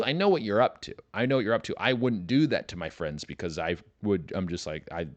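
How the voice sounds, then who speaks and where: A man's voice: low voice, a bit bright, no room sound. Profane, riffing male podcast host. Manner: loose, profane, riffing with mock voices. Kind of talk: casual comedic rant.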